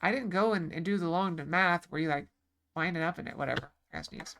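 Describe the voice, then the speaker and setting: Gravelly-voiced woman streamer chatting. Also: on the low side, fast talker, a bit bright, a little hiss or hum. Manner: rambling, with many fillers and restarts. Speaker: game streamer. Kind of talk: casual live-stream chat.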